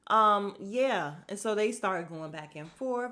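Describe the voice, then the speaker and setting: A woman's voice: mid-range voice, lively intonation, takes it slowly, pushed and bright. A woman hosts a casual podcast and recaps a reality show. She talks bluntly and gossipily, with a sarcastic edge, and speaks straight to her audience. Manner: blunt, gossipy, sarcastic, addresses listeners as y'all.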